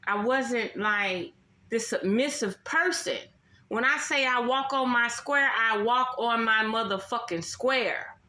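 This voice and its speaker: Slow, fairly high-pitched, pushed and bright, a woman vlogs a casual astrology rant packed with constant swearing. She is blunt, emphatic and keeps repeating herself, and the recording sounds echoey and roomy.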